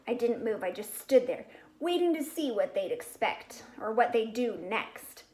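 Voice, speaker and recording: A woman's voice: big pitch swings, measured pace, a little mellow, low-quality recording. Woman reading a children's book aloud. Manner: shifts pitch and volume for each character's lines. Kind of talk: storybook read-aloud.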